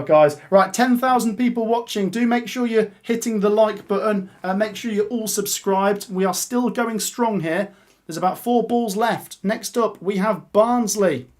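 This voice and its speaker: A man hosting a live watch-along stream, chatty and excitable, laughing often as he reads out and reacts to the draw. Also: high voice.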